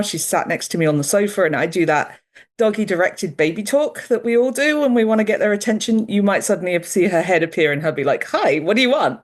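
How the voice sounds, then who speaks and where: A woman from the UK, a dog behavior researcher explaining her study in a friendly, upbeat way. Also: fairly low pitch. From United Kingdom. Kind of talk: remote interview guest.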